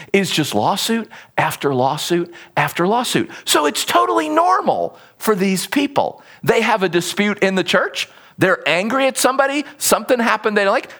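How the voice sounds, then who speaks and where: Lively, conversational preacher. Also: medium pitch. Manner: conversational, animated, acts out quotes. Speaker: preacher teaching a Bible passage. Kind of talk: sermon.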